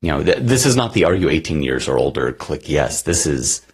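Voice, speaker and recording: This podcast co-host has an extremely low, husky voice and talks briskly and with great animation. His casual chat rambles, packed with fillers.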